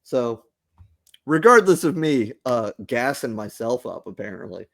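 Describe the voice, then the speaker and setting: A man's voice: medium pitch, sing-song, a little slow, gravelly, a bit bright, no echo, clean studio sound. A man co-hosting a sports podcast, bantering and breaking down the game in a joking, casual way. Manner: joking, self-promoting banter. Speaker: podcast co-host.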